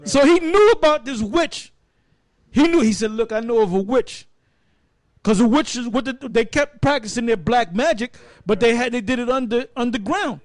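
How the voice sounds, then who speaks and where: A man's voice: very high-pitched, lively intonation, moderate pace, dry recording. A man teaching the Bible in a casual, rambling, emphatic way. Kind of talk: casual preaching.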